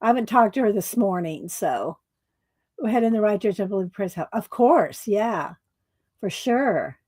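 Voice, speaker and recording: A woman's voice: mid-range voice, animated, moderate pace, a little mellow, no room sound. A woman hosts a casual art livestream, chatting in a rambling way and laughing often. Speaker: art channel host.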